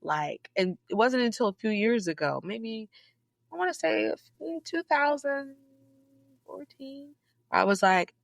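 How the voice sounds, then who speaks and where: A woman from Southeast Georgia, a guest in a casual interview, telling stories in an animated, emphatic way with sudden high, loud bursts. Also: measured pace, vocal fry, no echo. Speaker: podcast guest, librarian.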